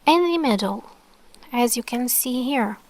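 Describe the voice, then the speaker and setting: A woman's voice: on the high side, lively intonation, a little slow, no echo. A woman teaching the Arabic alphabet online, patiently sounding out letters and words, often checking in with "okay?" and dropping to a near whisper on single sounds.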